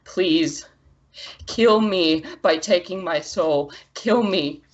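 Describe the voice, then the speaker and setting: A woman voicing a proud ancient female water elemental who pleads in a choked, breathy voice, over dull lo-fi audio. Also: lowish voice, extremely slow. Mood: pleading.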